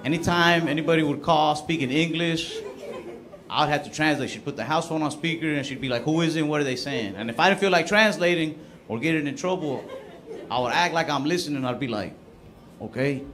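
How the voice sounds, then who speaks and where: A young man performing a stand-up comedy set, telling stories in a laid-back, deadpan way. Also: fairly high pitch, a little fast. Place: comedy stage before a live audience. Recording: loud audience laughter.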